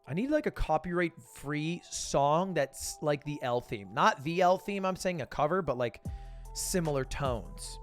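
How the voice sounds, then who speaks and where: A young male streamer commentating casually as he thinks out loud, slipping into mock-grand boasts. His voice sits a little high, with quiet music underneath. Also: expressive, a little slow.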